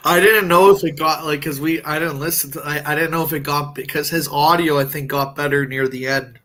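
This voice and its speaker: Co-host, man, slightly high voice, laughing and hesitant in casual chat. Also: steady tone, a little fast, sharp tone. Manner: laughs often, hesitant, repeats words. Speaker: podcast co-host.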